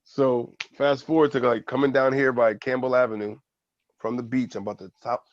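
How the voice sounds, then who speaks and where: A man's voice: mid-range voice, little pitch movement, fairly quick, dry recording, muffled recording. A man co-hosting a casual podcast, telling a long funny story, swearing often and laughing. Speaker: podcast co-host.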